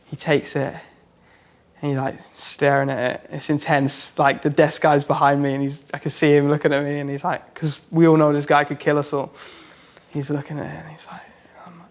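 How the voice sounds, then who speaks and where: A man's voice: on the high side, level tone, normal speed. A man, a tattoo artist and singer, telling stories in a casual, rambling way full of "like" and restarts. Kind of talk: casual anecdote storytelling.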